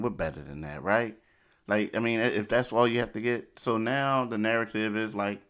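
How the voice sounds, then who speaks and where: Deep-voiced animated podcast host man. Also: normal speed. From Philadelphia. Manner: animated, repetitive, emphatic asides. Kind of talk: casual talk with ad reads.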